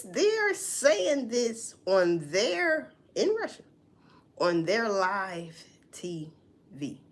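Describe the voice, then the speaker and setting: A woman riffs on a news report for her audience, swearing freely and asking and answering her own questions. Her pitch swings widely as she talks. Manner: profane, animated, talks back to herself. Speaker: vlogger reacting to news. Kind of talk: casual news commentary.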